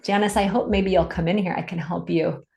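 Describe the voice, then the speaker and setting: A woman's voice: on the low side, steady tone, fairly quick, gravelly, darkish tone. Encouraging woman coach, echoey room. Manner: upbeat, encouraging, reads chat comments aloud. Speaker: summit host and business coach. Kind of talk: live webinar coaching talk. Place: home in Santa Cruz.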